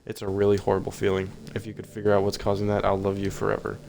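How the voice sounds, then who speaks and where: A man reading aloud the lines of a desperate, lovesick teenage girl from a game, in a plain, flat voice. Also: lowish voice, fast talker, creaky, slight background noise. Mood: wistful.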